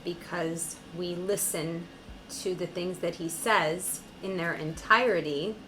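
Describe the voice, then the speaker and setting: A woman's voice: fairly low pitch, pushed and bright, slight background noise, poor audio. Sarcastic woman reacting to a clip. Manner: sarcastic, incredulous, talks back to the clip. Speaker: reaction video host. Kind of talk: casual reaction commentary.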